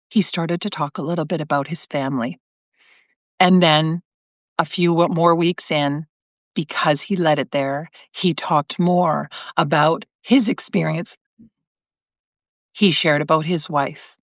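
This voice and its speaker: A woman's voice: deep voice, steady tone, a little slow, no room sound. A middle-aged woman hosting a live stream, telling a personal story earnestly and with many restarts. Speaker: host. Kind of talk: livestreamed heartfelt storytelling. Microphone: computer mic on a live video stream. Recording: dry, slightly muffled stream audio.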